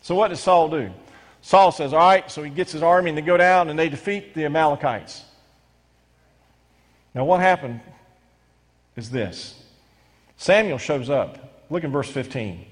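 A middle-aged man preaches with lively emphasis, doubling back on his words as he reads scripture aloud. His voice sits a touch high for a man. A long reverb hangs on every phrase, like a big church sanctuary. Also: normal speed, long pauses. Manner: animated preaching with frequent restarts. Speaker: pastor. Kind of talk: sermon.

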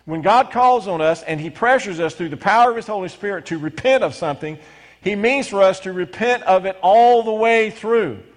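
A middle-aged male pastor preaching a sermon, animated and stumbling into quick restarts as he reads scripture and explains it. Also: high voice. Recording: long hall reverb.

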